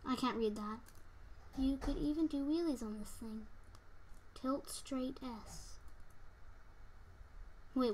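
Young female gamer, high-pitched and unhurried, excitable commentary with squeals and whispers. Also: slight background noise. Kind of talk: let's play commentary.

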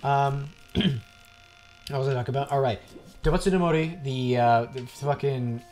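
A man's voice: medium pitch, unhurried, faint music behind. A young man chatting casually and rambling with plenty of swearing while co-hosting a video game playthrough, sounding tired. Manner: rambling, profane, animated. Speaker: let's play co-host. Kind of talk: casual gaming chat.

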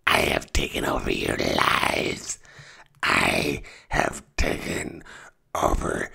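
A man voicing a gloating coronavirus villain in a raspy, unvoiced whisper. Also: very deep voice, big pitch swings, slow pace, bright, forceful tone, voice pushed down, full character voice. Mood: menacing.

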